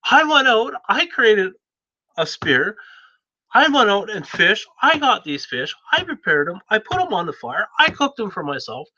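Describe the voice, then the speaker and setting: A man's voice: fairly high pitch, normal speed, pushed and bright. A man voicing a hungry, stubborn young boy who talks to himself in exasperation, on a dull lo-fi recording. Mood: indignant.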